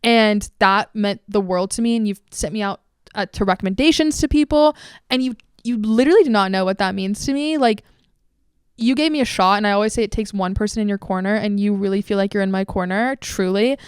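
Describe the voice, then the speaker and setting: A woman's voice: medium pitch, a little fast, smooth, no room sound, studio quality. A young woman in her twenties hosting a podcast, gushing and emotional in casual chat, swearing freely. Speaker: podcast host.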